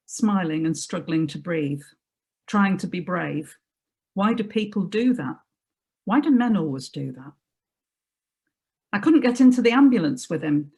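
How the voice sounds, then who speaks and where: A woman reading her own prose aloud in a measured, reflective manner. Her voice sits at an ordinary middle pitch and stays quiet and even. It comes through a video call.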